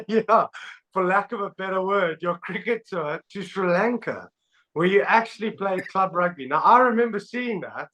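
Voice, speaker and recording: A male podcast host who used to play rugby, speaking in a fairly high voice. He tells stories in an animated way and laughs often, and the talk stays casual. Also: normal speed, low-quality recording. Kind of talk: casual chat.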